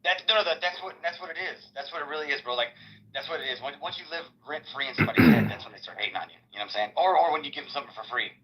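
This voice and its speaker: A man's voice: on the high side, expressive, rapid-fire. A man co-hosting a podcast in slangy, emphatic casual chat, often repeating himself. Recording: dull lo-fi sound.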